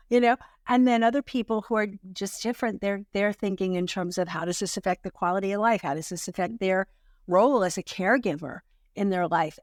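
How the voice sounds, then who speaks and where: A woman's voice: mid-range voice, no room sound, clean studio sound. A woman hosting a health interview, agreeing with her guest and then speaking earnestly. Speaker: host. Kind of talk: casual interview talk.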